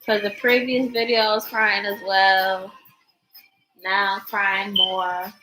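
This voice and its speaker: A woman's voice: mid-range voice, little pitch movement, slow, bright, forceful tone, soft background music, rough recording. A young woman vlogging her reactions to videos, tearful and worn out from crying, rambling and repeating herself in casual chat.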